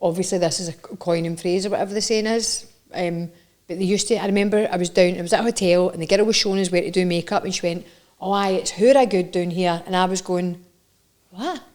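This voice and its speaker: A woman's voice: lowish voice, fairly even intonation, fast talker, a little mellow. Chatty Scottish woman, teasing. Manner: chatty, teasing, laughs often. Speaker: podcast co-host. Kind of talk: casual chat.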